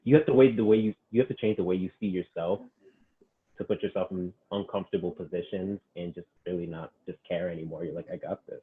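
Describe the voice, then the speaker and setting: A man's voice: deep voice, fairly even intonation, fast. A man, a personal trainer, casually telling stories in an interview and quoting his clients with lots of "he's like.". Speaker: personal trainer, podcast guest. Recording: tinny phone-like line.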